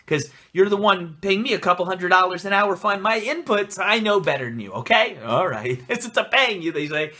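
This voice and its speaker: A young male rabbi records an answer on his phone, talking fast-thinking and excited, full of encouragement. His voice sits a little high and rings with a bright, forward edge. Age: young adult. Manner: energetic, enthusiastic and pep-talking. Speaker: rabbi and life coach. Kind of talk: casual self-recorded video answer. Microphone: phone camera.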